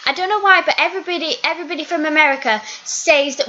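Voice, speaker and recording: A woman's voice: high voice, quick pace, hardly any pauses, sharp tone, a little hiss or hum. A woman from Wales, chatting in a giggly, chatty way in a casual Q&A video. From northeast Wales. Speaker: YouTuber. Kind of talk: casual Q&A chat. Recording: dull lo-fi recording.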